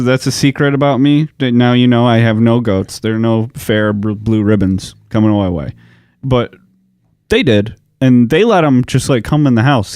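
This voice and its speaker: A man's voice: mid-range voice, a little mellow, no room sound. A man co-hosting a true-crime podcast, chatting casually with joking, profane banter. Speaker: podcast co-host. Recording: dry, close podcast recording.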